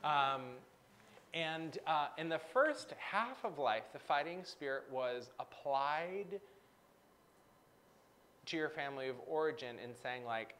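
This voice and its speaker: A man's voice: fairly high pitch, lively intonation, slow, bright, forceful tone. A man coaching a guest on a live stream, reflecting back what she says and asking probing questions.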